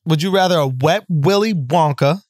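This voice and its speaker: Playful podcast co-host guy, really high voice, dry close sound. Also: normal speed, darkish tone, no room sound. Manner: playful, laughs while setting up hypotheticals. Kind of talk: casual studio banter. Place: studio.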